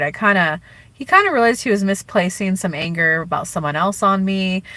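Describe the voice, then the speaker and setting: A woman's voice: medium pitch, lively intonation, fairly quick, bright, forceful tone, dry recording, poor audio. A woman giving relationship advice on a live stream in a casual, chatty way, full of "like" and "you know", and acting out quoted speech. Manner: acts out quoted speech in changed voices. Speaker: relationship and spiritual coach.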